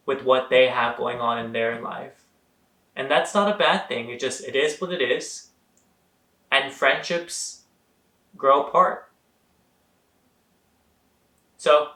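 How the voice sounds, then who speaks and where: A man's voice: medium pitch, bright, forceful tone, roomy sound. A young man giving an earnest, motivational vlog monologue, talking straight to his viewers and calling them guys. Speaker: vlogger.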